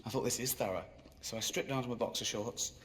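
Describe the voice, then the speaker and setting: A man doing stand-up in a dry, self-mocking way that jumps into high, exasperated squeals. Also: fast, fairly bright tone. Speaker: stand-up comedian. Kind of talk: stand-up routine. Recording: live comedy club with crowd laughter. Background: audience laughing.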